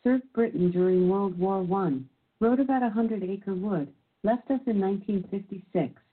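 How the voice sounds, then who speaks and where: A woman's synthesized assistant voice reading quiz clues and verdicts in a measured, even announcer manner. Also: mid-range voice, husky. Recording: tinny phone-like sound.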